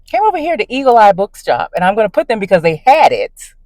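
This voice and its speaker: A woman telling a story to her camera in a casual, emphatic rant, talking with animated emphasis. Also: medium pitch, quick pace, dry recording. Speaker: book vlogger. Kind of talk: casual ranting vlog. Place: in her car.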